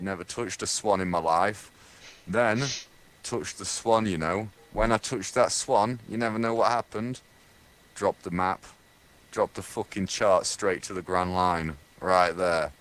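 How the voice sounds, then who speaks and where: Very deep-voiced swearing storyteller. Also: male voice. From Lincolnshire, England. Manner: crude, heavy swearing, deadpan tall tale. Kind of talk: rambling comic storytelling.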